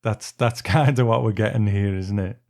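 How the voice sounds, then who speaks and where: A man's voice: lowish voice, normal speed, a little mellow. An English man co-hosting a film podcast, talking in an easygoing storytelling way with chuckles. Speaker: podcast co-host. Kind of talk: casual podcast chat.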